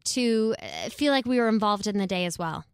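A woman's voice: mid-range voice, big pitch swings, fairly quick, gravelly, clear, resonant tone, no echo, studio quality. A woman co-hosting a podcast in casual, upbeat chat, laughing easily. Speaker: podcast co-host.

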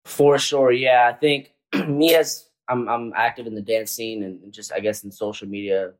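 A man in his twenties, a guest chatting casually in a relaxed, slangy way with lots of filler words. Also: mid-range voice, normal speed, rough recording. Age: 20s. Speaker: guest, comedian and dancer. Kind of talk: casual chat.

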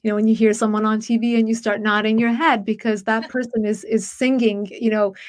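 A woman hosting an interview, asking questions and commenting in a steady, sympathetic way. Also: a little high, a little fast. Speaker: interview host.

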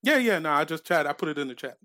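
Low-key, dry male podcast co-host. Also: very animated, fast talker, pushed and bright. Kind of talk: casual chat, reading listener letters.

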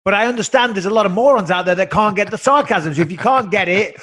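A man with an English accent chats on a podcast, his voice sitting a little high. He rambles through stories with a sarcastic edge. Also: fast talker, fairly bright tone. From England. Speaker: podcast co-host. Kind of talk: casual podcast chat.

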